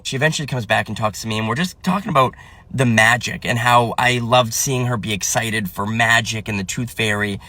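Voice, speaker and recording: A comedian and parent in his thirties rants through profane comic stories about his kids, swearing heavily and acting out their voices. His mid-range voice is bright and forceful, a little fast, with no room sound.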